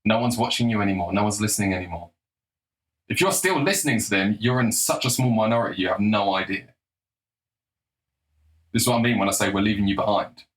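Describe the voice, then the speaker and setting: A man's voice: lowish voice, fast talker, long pauses, low-quality recording. A young man giving a blunt, combative, sarcastic opinion monologue, swearing freely. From England. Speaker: political commentator.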